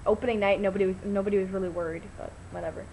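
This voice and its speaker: Talking very fast in a creaky voice, a teenage girl tells a rambling vlog story, all ums and restarts, with bursts of excited, high quoted voices. Slight background noise sits under a low-quality recording.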